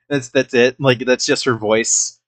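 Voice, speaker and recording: A man's voice: mid-range voice, steady tone, slow pace. Laid-back man reacting and laughing. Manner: laughs often, swears and restarts loosely. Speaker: reaction streamer host. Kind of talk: casual reaction commentary.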